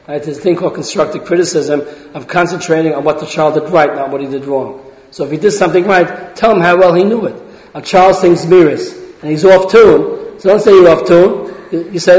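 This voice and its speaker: A man with a fairly high, darkish voice speaks fairly quickly as a religious lecturer, giving an earnest talk on parenting to an audience. He often restarts phrases and acts out quoted speech. The recording has a roomy hall sound and is dull and lo-fi.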